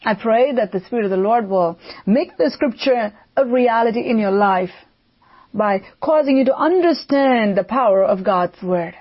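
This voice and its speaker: A woman preaching a devotional sermon, slow and emphatic, repeating key phrases for weight. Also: fairly high pitch, lively intonation. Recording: dull lo-fi audio.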